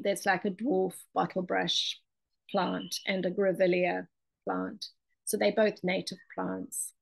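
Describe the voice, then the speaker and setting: Over a rough recording, a woman with a gravelly, mid-range voice presents her ceramic and mosaic art. The presentation talk is chatty, with many ums and restarts.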